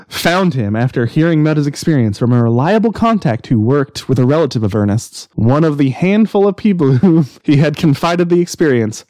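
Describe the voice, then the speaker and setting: A man's voice: medium pitch, a little mellow, no echo. Dry-sounding man reading a story. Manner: laughs often, reads with dramatic pauses. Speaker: podcast host. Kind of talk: casual chat, reading a story aloud.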